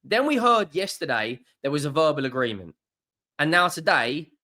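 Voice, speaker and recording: A young man ranting in a fan video, swearing often and swinging from low muttering to loud exasperated outbursts. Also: very animated, normal speed. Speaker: football fan vlogger.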